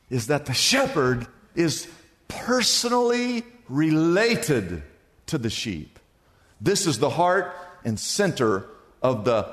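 A man's voice: a little high, fairly bright tone, in a large hall. A man preaching a sermon in a large church, emphatic and stretching out key words. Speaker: pastor.

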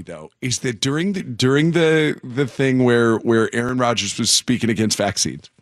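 A male radio host talking through a story in a loose, rambling way, stopping and restarting his sentences. His voice sits a little high for a man, and the studio sound is close and dry. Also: a bit bright, no room sound. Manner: rambling, self-interrupting storyteller. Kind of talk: morning radio talk.

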